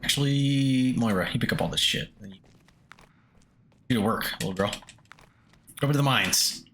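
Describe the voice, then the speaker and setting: A man streaming a video game live, reacting with excited, crude joking comments. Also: mid-range voice, normal speed, slight background noise.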